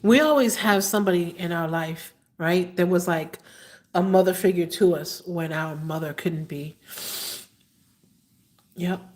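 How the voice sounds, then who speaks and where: A woman in her fifties hosting a live tarot stream, talking slowly and haltingly with many fillers, sometimes emotional. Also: lowish voice. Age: 50s. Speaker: tarot reader hosting a livestream. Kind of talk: live-stream chat answering viewers.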